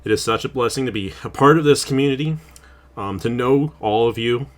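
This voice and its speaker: A man's voice: mid-range voice, a little fast. A man, host of an online racing channel, giving heartfelt closing thanks while crying and laughing through tears. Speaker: channel host and race commentator. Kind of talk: emotional closing remarks on a stream.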